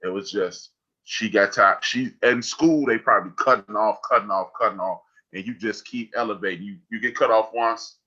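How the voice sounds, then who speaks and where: Man in his fifties, low and bright-toned, animated storyteller, dull lo-fi call audio. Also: moderate pace, slightly rough. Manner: animated, acts out remembered lines. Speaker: discussion participant. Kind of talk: casual storytelling.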